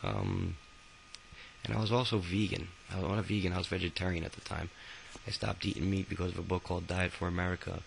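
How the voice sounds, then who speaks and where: A man's voice: deep voice, little pitch movement, fast, gravelly, slight background noise, poor audio. A young man telling his own life story in a casual, rambling, profane way, with many fillers and restarts. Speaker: autobiography narrator. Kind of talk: casual spoken memoir.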